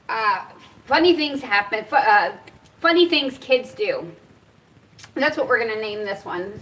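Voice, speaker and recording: Outdoors, a middle-aged woman vlogging about cannabis and cancer shares a meandering, emotional personal story punctuated by frequent laughs. She has a mid-range, slightly bright voice, picked up by a camera mic set at a distance, with slight background noise.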